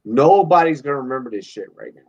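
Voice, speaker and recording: A man hosting a casual late-night live stream, drinking and telling rambling, profane, animated stories. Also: medium pitch, quick pace, slightly rough. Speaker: podcast host. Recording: dull lo-fi stream audio.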